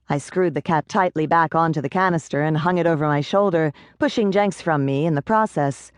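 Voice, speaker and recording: Audiobook narrator, woman, lower register, dry booth sound. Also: moderate pace, no room sound. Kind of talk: first-person audiobook narration.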